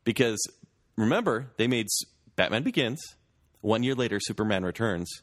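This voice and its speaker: A man's voice: lowish voice, lively intonation, moderate pace. A man co-hosting a casual podcast, chatty and rambling, laughing easily. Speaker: podcast co-host. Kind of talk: casual chat.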